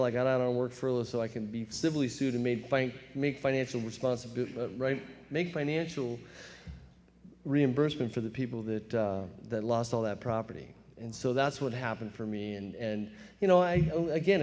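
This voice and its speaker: A man tells his own story to a recovery meeting, mid-pitched and conversational. He slips into quick voices for his younger self and laughs at his own past. His voice carries the long reverb of a large hall. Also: darkish tone, a little hiss or hum. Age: 50s. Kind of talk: personal testimony talk.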